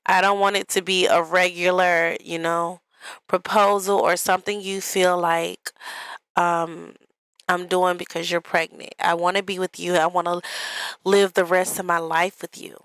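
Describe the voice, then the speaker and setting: A woman voicing a tender young man proposing to his pregnant girlfriend in a life-sim game, talking in an earnest, soft, pleading way. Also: on the low side, flat delivery, unhurried, smooth, dry recording.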